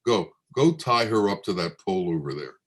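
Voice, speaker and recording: A man speaking as a proud king who gives orders in a measured way. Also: low voice, big pitch swings.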